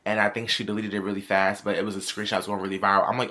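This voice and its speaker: New guy doing storytime commentary, kinda low but bright and punchy, keeps repeating himself. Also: fast talker. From New York. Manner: chatty, repetitive, animated storytelling. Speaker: commentary vlogger.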